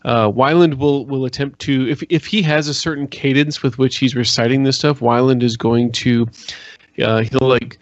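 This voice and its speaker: A man's voice: mid-range voice, steady tone, moderate pace, dry recording. A man playing a tabletop game, describing his moves in a rambling, hesitant way. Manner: rambling, hesitant, full of restarts. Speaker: player. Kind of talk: casual game chat. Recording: dry dull lo-fi mic.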